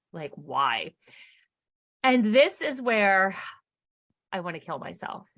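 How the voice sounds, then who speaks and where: A middle-aged woman co-hosts a chatty recap podcast, her voice bright and clear. She tells the story with animation and slips into quoted voices as she goes. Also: mid-range voice. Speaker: podcast co-host. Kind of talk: casual recap chat.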